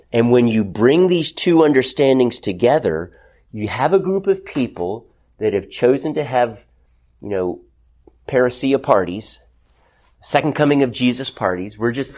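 A man leads a small Bible study group, his voice rising and falling in lively swings. He speaks in a loose, conversational way, breaking off and restarting phrases. He often turns to the class with questions. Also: mid-range voice. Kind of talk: interactive Bible class teaching.

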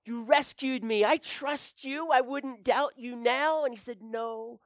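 A man tells a grieving tale in a slow, deliberate monologue. He drops into hushed whispers and rises into anguished cries. The recording is close and dry, with no room sound. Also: very high-pitched, dry recording. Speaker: storyteller. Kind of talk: dramatic first-person monologue.

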